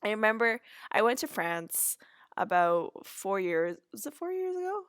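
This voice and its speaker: A woman's voice: mid-range voice, sing-song, unhurried, clear, resonant tone, no echo, clean studio sound. A woman hosting a podcast, chattily recapping a TV episode with asides and restarts. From Canada. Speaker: podcast host.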